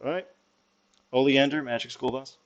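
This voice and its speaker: A man's voice: medium pitch, steady tone, moderate pace, dull audio. Brief: casual young male game master, mid voice, loose and profane. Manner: casual, laughing, swears, lots of ums. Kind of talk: narrating a tabletop game.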